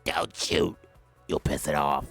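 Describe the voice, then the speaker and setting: A man voices a woman scientist yelling a warning in a strange low, gruff, half-whispered rasp. The voice drops far below his own and comes out rough and breathy. It is an awkward put-on voice from a casual script reading. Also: fairly even intonation, slow, faint music behind, full character voice. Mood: alarmed.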